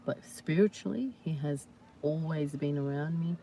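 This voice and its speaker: A woman hosting a casual live chat with viewers, talking warmly and reassuringly with many "you know"s and "yeah"s. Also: sits low, moderate pace, slight background noise. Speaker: livestream host.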